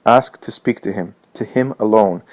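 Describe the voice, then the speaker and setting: Brief: man voicing a worried mistress of the house, quiet and urgent, low-pitched. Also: normal speed, close to an everyday voice. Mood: urgent hushed. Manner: hushed, urgent instructions. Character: Martha, anxious determined mistress of house.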